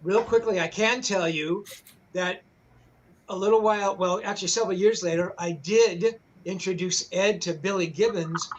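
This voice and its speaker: A man's voice: high-pitched, moderate pace, dull audio. An older man, a rock journalist, telling a backstage story in casual, rambling talk, full of swearing, fillers and restarts.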